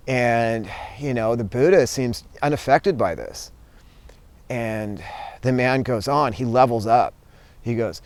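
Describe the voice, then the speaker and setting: A man tells a story in a relaxed, casual way, often saying "you know." His voice is smooth and mid-pitched, and the recording is close and dry. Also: takes it slowly, no room sound. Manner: relaxed, many fillers. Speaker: vlogger and teacher.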